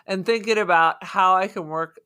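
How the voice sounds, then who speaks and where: A woman's voice: mid-range voice, normal speed, sharp tone, smooth. A woman co-hosting a podcast, chatting casually about a film in an enthusiastic, playful, teasing way. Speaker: podcast co-host. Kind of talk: casual film review chat.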